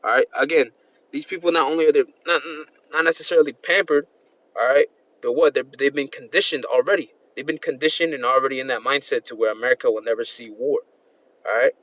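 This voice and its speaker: A man's voice: medium pitch, fairly even intonation, fast talker, a bit bright, highs cut off. A man preaching an informal sermon, reading scripture and rambling with constant "man" and "all right" fillers. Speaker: street-style preacher.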